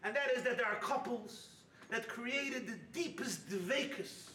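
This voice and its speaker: A rabbi delivers a lively sermon in a high, bright, ringing voice, breaking into shouts to drive home his points and tossing in jokes along the way. He sounds a little distant from the microphone, and his voice fills a roomy retreat hall over a faint background hiss. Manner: animated preaching, punctuated by shouted emphasis and humor.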